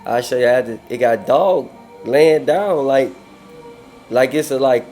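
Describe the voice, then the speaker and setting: A man speaks in at a mid pitch, telling a story with lots of energy and frequent laughs. His talk is loose and full of swearing. A faint bed of music runs under the conversation. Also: takes it slowly. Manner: animated, laughing often, swears freely. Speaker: podcast guest. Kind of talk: casual storytelling.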